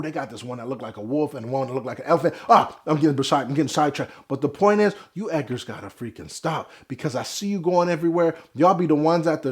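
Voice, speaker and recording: A young man giving a loud, brash, profane comedic rant to camera. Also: high-pitched. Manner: loud, brash and profane, with sudden swings in volume. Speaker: vlogger.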